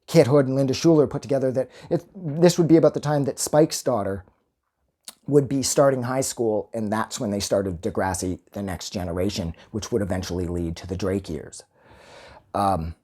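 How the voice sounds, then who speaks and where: A man giving a casual, rambling film review. He gets excited, swears freely and goes off on tangents. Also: medium pitch.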